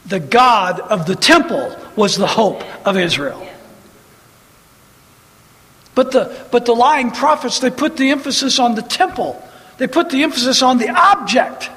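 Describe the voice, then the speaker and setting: A high-voiced man preaches with fiery emphasis, hammering repeated phrases and quoting scripture. His voice rings with a long reverb, as if in a big hall. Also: fairly bright tone. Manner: preaching with rising emphatic bursts and scripture quotes. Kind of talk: sermon.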